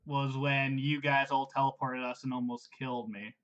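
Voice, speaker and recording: A man's voice: mid-range voice, flat delivery, moderate pace, a bit bright, lo-fi sound. A man playing a tabletop game over voice chat, reading his spell rules aloud and laughing often. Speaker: player.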